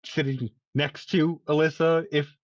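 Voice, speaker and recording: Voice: medium pitch, steady tone, a little slow, dry recording. A player at a tabletop role-playing game who laughs often and talks in an easygoing way. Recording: dull lo-fi mic.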